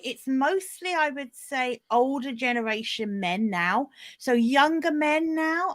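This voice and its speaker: A woman's voice: sits high, a bit bright. A middle-aged British woman chatting casually as a guest, explaining things with quoted phrases. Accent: British English. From England. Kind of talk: casual chat.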